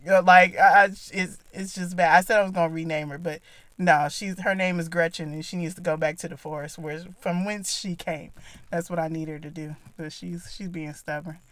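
A woman's voice: lowish voice, steady tone, brisk, a bit bright, no room sound. A woman hosting a podcast in casual, playful chat, joking in slang and laughing often. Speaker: podcast host.

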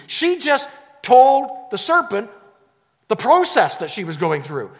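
Emphatic preacher in a reverberant hall. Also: male voice, high-pitched, very animated, normal speed, a bit bright. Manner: emphatic, repeats key phrases, chuckles. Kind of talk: sermon.

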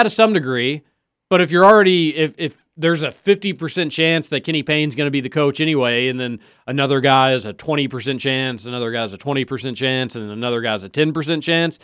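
A man in casual sports talk, opinionated and animated, jumping in with quick rebuttals. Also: mid-range voice, clear, resonant tone, no room sound, clean studio sound.

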